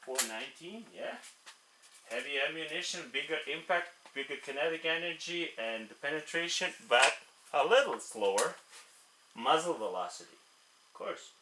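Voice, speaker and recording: A man's voice: fairly high pitch, lively intonation, moderate pace. A man testing an air rifle, reading out velocity numbers in short bursts and chatting casually between shots. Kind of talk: casual commentary while test shooting. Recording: roomy echo with clear background noise.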